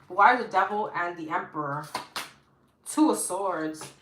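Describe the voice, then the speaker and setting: A woman's voice: fairly low pitch, measured pace, a bit bright. Female tarot reader, New York accent, casual and talkative, phone mic in a roomy space. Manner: chatty, addresses viewers as girl and guys. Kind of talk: live-stream tarot reading. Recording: echoey room, faint hiss.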